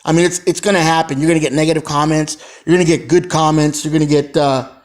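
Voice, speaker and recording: A man's voice: a little high, fairly even intonation, fast talker. A man casually retelling a story, rambling and peppering his talk with "you know" and "right?".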